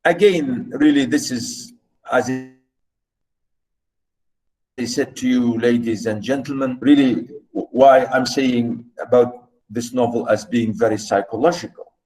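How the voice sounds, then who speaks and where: A man giving a literature lecture, explaining slowly and emphatically with many repetitions. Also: mid-range voice, darkish tone, low-quality recording. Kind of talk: recorded lecture.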